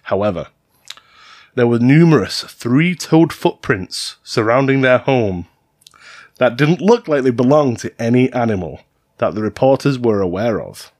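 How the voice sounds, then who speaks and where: Animated, playful male podcast storyteller. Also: mid-range voice, unhurried, dry recording, studio quality. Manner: playful, jokey, swears freely. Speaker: podcast co-host narrating stories.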